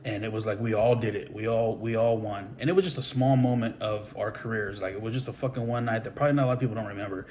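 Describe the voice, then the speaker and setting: A man's voice: lowish voice, fast, few pauses, darkish tone. A middle-aged man, a pro wrestler and trainer, telling a story in a rambling, casual way, full of swearing and fillers. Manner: rambling, profane, with many fillers.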